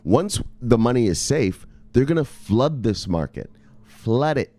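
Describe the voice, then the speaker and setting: A man's voice: mid-range voice, a little slow, no echo. A man hosting a crypto news channel who reads from articles, stumbles over words, then rambles, swears and pushes harder as he goes, sounding a bit tipsy. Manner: rambling, swearing, pushy, gets louder and more excited. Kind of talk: casual profane market commentary.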